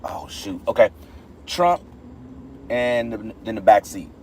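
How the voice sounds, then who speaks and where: A man's voice: lowish voice, expressive, takes it slowly, a little hiss or hum. Chatty man streaming from his car. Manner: chatty, laughs often, answers viewer comments. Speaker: livestream host. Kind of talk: casual live chat with viewers. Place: parked car at a store pickup.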